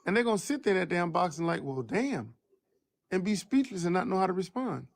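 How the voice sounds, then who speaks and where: A married man with a baritone voice co-hosting a live stream chat, lecturing emphatically and slowing down to stress his points. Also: vocal fry. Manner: preachy, emphatic, slow for stress.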